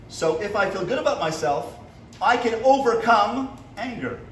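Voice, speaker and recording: A man's voice: high voice, big pitch swings, normal speed, a bit bright, slight background noise. A man, a rabbi, giving a motivational lecture to a class, asking them questions and acting out small dialogues. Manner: asks the audience questions and acts out little dialogues. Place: seminary classroom. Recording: echoey room from a distance.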